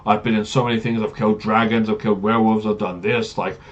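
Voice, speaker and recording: A man's voice: lowish voice, little pitch movement, fast talker, dull audio, close to an everyday voice. A man voicing a pompous, boastful male paladin monster hunter in a tabletop game recap. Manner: grandiose, self-important bragging.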